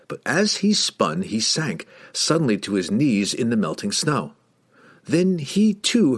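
A man narrating a fantasy novel as an audiobook, telling it with dramatic, expressive storytelling. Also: lowish voice, husky.

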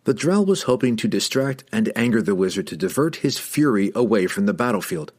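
Low-voiced man narrating with lively drama. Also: a little fast. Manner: dramatic, expressive storytelling. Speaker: audiobook narrator. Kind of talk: scripted narration of a fantasy novel.

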